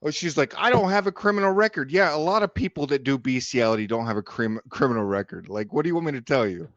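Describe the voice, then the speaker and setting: A man's voice: mid-range voice, lively intonation, fast talker, no room sound, muffled recording. A man guest on a livestream panel, ranting angrily with lots of swearing and jeers. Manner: angry, profane, jeering rant. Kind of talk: heated livestream panel rant.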